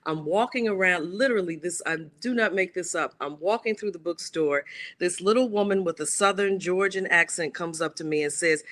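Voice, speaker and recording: With a voice on the low side and a fairly quick delivery, a woman guest, an author and playwright, brings a story to life and acts out its dialogue in changing voices.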